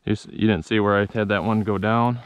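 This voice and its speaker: Brief: middle-aged man, low voice, casual outdoor hunt commentary, barks short dog commands. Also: fairly even intonation, fairly quick. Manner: calls and commands dogs in short repeated bursts. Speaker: hunter filming his hunt. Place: open fields outdoors.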